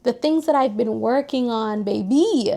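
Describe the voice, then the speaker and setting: High-voiced woman giving casual advice. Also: unhurried, vocal fry. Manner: animated, preachy, talks to viewers directly. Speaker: vlogger. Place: New York, recording outdoors near street traffic.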